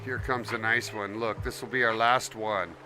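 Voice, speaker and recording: A man's voice: lowish voice, fairly even intonation, moderate pace. Man streamer chatting over music. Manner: refers to himself in third person; affectionate toward viewers. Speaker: live streamer. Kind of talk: casual game-stream chat. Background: background music.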